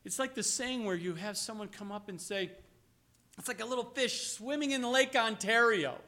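A man preaching a sermon as pastor, swinging from loud, emphatic lines to hushed, low passages and slowing to stress key words. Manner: acts out quoted voices, slows on key words.

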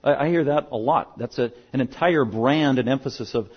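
A man's voice: mid-range voice, a little fast, husky. A male pastor preaching a sermon, emphatic and driving points home through repetition. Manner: emphatic, repeats key words for stress. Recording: dull lo-fi sermon recording.

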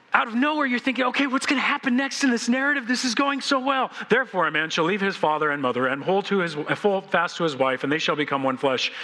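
A pastor delivers his sermon with bright, forceful energy, slipping into playful voices as he acts out the story. His voice sits high for a man. The sound rings out with the long reverb of a church hall. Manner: animated, acting out scenes with playful voices. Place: church sanctuary.

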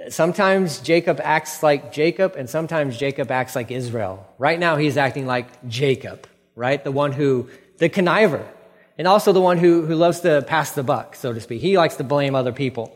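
Male preacher, slightly high voice, animated storytelling sermon, long hall reverb. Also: a little fast. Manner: animated, acts out characters with mock voices. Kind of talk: casual sermon with scripture reading.

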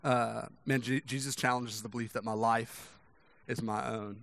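A young man preaching a sermon in a casual, conversational way, often stumbling over restarts and checking in with "right?", and acting out quoted voices with big jumps in pitch. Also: little pitch movement, normal speed, vocal fry. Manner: conversational, many restarts and "right?" tag questions; acts out quoted voices with sharp rises in pitch and volume. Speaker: pastor.

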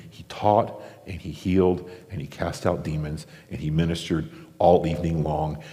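Man, very low voice, conversational sermon, long echo from a big church hall. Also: mellow. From United States. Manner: conversational, acts out crowd reactions. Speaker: pastor. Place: large theater-style church auditorium.

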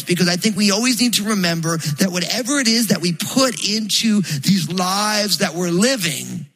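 Husky pastor guy from jersey, rambly storytelling sermon, kinda high voice. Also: fairly bright tone, poor audio. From New Jersey. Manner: chatty storytelling with many fillers.

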